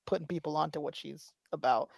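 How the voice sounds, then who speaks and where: A woman's voice: low voice, a little fast, creaky, husky, dry recording, studio quality. A woman hosting a casual podcast chat and reading out viewer comments. She rambles and repeats her phrases. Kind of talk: casual toy-collector chat.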